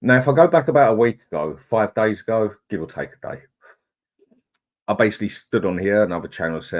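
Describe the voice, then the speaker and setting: A man's voice: lowish voice, expressive, brisk. A middle-aged man, hosting a casual live chat, greeting viewers in a chatty, laid-back way. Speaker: livestream host.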